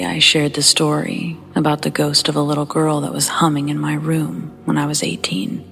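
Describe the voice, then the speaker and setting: A woman with a low, gravelly voice narrates true horror stories for a podcast. She keeps her delivery hushed and slips into half-whispers, with faint music under her. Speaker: podcast host reading listener stories. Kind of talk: scripted horror story narration.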